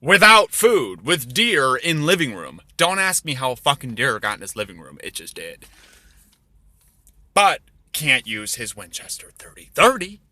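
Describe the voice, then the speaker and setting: A man telling crude comedy stories in a rambling way, with deadpan asides. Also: medium pitch, unhurried, dry recording. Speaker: storyteller. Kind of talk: crude comedic storytelling over drawings.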